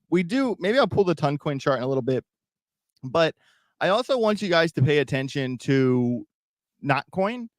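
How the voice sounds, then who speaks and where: Guy doing casual crypto stream chat, rambly, repeats himself, kinda high voice, dry mic. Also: no room sound. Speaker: crypto YouTube host. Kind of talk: casual livestream commentary.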